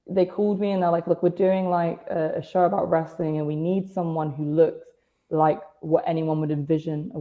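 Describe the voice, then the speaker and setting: A woman's voice: lowish voice, phone-quality sound. A British woman in her twenties, a wrestler guesting on a podcast, chatting casually with dry self-mocking humour.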